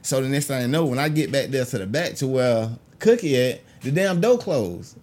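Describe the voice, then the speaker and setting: A man, a comedian spinning a story in loose, casual talk. He is animated and jumps his voice up high whenever he acts out someone else's words. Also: moderate pace. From Augusta, Georgia, US. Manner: animated, acts out quoted people with big pitch jumps. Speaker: stand-up comedian guest.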